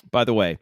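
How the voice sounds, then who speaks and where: Rambling, laughing podcast host. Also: male voice, mid-range voice, no room sound, studio quality. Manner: rambling, laughs mid-sentence. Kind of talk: casual chat.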